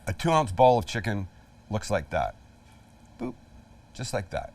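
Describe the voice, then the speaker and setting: A man's voice: lowish voice, big pitch swings, unhurried, a little mellow, recorded from a distance. A middle-aged man hosting a casual cooking demonstration in his backyard, chatty, jokey and emphatic. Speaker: cooking show host. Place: outdoor backyard kitchen.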